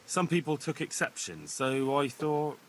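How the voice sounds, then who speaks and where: Earnest young villager, hesitant, polite, video game dialogue. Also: male voice, medium pitch, sing-song, unhurried, rough recording.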